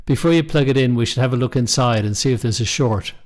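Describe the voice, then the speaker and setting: A man's voice: mid-range voice, fast talker, darkish tone, natural voice. A man voicing a practical, plain-spoken young man in a storybook reading.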